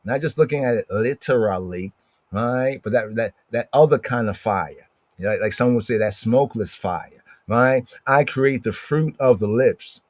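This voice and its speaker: A man leading a scripture study in a plain, middle-pitched voice. He talks conversationally and keeps checking in with "right?" and slows right down when he reads a verse. The sound is dry and close, with no room echo. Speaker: Bible teacher.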